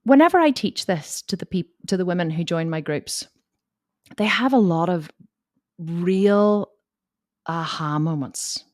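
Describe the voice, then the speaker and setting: A woman fitness coach telling a personal story to camera in a candid, animated way, swearing freely. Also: lowish voice, a little slow, long pauses, dry recording, clean studio sound.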